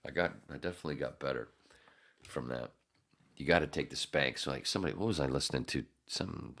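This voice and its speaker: A man's voice: extremely low pitch, gravelly, a bit bright. A man hosting a podcast, telling a rambling, profane, self-mocking story full of restarts. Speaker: podcast host. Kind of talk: casual chat.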